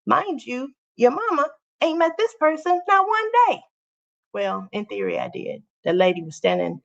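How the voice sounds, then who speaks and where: A woman with a low, gravelly voice hosts a casual livestream from home. She chats loosely and directly with her viewers. The audio is dull and lo-fi. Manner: chatty, talks straight to viewers as "y'all". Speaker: channel host. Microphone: phone or webcam on a livestream.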